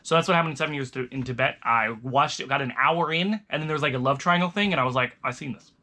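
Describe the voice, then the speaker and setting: Bright, rambling young man. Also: mid-range voice, quick pace. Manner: rambling, loose, restarts sentences often. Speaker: vlogger reviewing movies. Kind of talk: casual chat.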